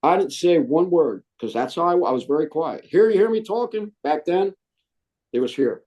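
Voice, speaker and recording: Man, middle-aged, Marine veteran, storytelling interview, animated, slightly high voice. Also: moderate pace, dull audio. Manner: animated, acts out quoted voices.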